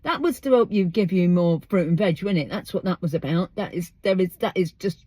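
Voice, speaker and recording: A woman's voice: medium pitch, lively intonation, moderate pace, mellow, dry recording. An English woman hosting her podcast outdoors, chatting emphatically and firing off rhetorical questions. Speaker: podcast host. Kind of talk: casual monologue.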